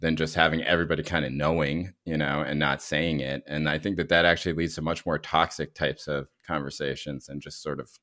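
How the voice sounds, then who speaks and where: Deep-voiced rambling man in casual chat. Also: little pitch movement, a little fast, few pauses, bright, forceful tone. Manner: rambling, many fillers and restarts, laughs often. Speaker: podcast co-host.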